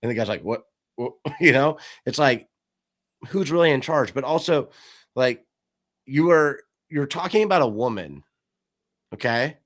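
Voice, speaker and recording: A man's voice: mid-range voice, normal speed, pauses often. A man hosting a casual podcast discussion, telling stories animatedly and acting out quoted lines. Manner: animated storytelling, acts out quotes. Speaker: podcast host.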